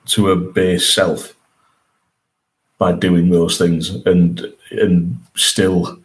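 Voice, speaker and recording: On a low-quality podcast recording, a low-pitched male co-host casually and eagerly reviews a TV episode, repeatedly restarting what he's saying.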